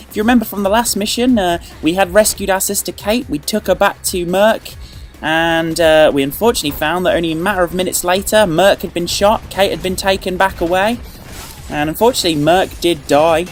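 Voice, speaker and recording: A man hosting a video game walkthrough, joking and playful, with sudden excited outbursts. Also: high-pitched. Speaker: let's play host.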